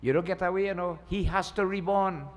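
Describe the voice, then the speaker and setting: A man's voice: sits high, fairly even intonation, fairly quick. A man, a pundit, gives a folksy Hindu sermon and keeps checking in with listeners by asking "eh?". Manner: folksy, asks the crowd "eh?" often. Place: Hindu temple hall. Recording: long temple hall reverb.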